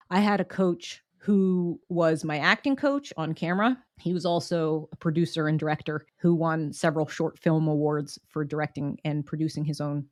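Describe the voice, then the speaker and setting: A woman's voice: low-pitched, a little mellow, no echo. Upbeat chatty woman podcaster, dry sound. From United States. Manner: upbeat, chatty, encouraging, breaks into laughs. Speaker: podcast host. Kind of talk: solo motivational podcast talk.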